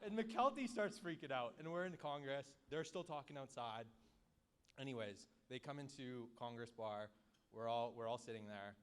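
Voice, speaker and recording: A man's voice: medium pitch, animated, normal speed, clear, resonant tone. A young man telling a joking story as a friend's wedding speech into a handheld microphone at a reception. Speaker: wedding speaker, groom's friend.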